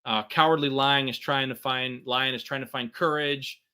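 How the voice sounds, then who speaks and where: A middle-aged man leads a relaxed workshop conversation with a bright tone. He fills his talk with ums and keeps checking in with "right?". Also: mid-range voice, moderate pace, smooth. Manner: conversational, many fillers and tag questions. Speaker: podcast co-host.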